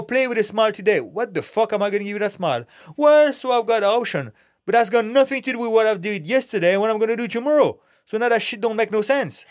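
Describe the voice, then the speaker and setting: The voice is a man's, high-pitched, on a dry recording with clean studio sound. He's a middle-aged Frenchman with a French accent, an actor and fighter guesting on a podcast, telling animated stories bluntly and candidly while swearing freely.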